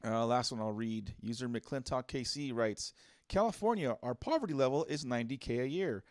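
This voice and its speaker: A man's voice: medium pitch, animated, a little fast, a little mellow, no echo, clean studio sound. A man co-hosting a casual comedy podcast, reading out listener posts in a laid-back way. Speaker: podcast co-host.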